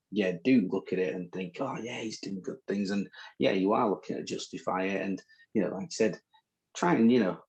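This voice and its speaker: Gravelly low-voiced man with northern English accent. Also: low-quality recording. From northern England. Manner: bantering, chatty, teasing. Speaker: podcast co-host. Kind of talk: casual chat.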